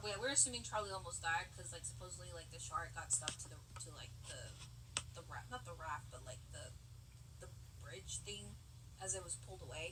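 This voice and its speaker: A woman co-hosting a podcast, retelling movie scenes in an animated, laughing way. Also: on the low side. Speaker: podcast co-host. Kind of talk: casual movie recap chat. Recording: distant mic with faint background hiss.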